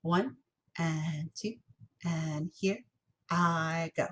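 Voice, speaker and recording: A woman's voice: sits low, steady tone, extremely slow, a bit bright. Playful woman teaching a music lesson. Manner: playful, encouraging, chanting rhythm syllables. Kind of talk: remote music lesson for children. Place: home office.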